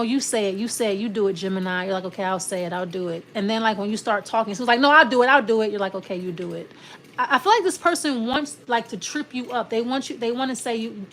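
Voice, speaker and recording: A woman with a voice on the high side gives a casual, rambling tarot reading, a little hiss or hum audible. She often restarts her sentences and acts out imagined back-and-forth exchanges.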